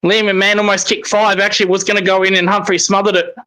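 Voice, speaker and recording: A man commenting live on a football match as a fan, excitable and swearing when frustrated. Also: high-pitched, quick pace, poor audio. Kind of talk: live watch-along commentary.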